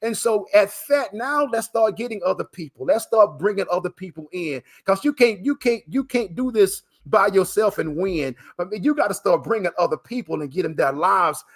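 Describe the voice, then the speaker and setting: A high-pitched, expressive male voice moves at a moderate pace with few pauses. He's a coach and transplant recipient being interviewed over a live video call broadcast, speaking emotionally like a preacher, full of fillers and repeated words, and addressing the listener as "man."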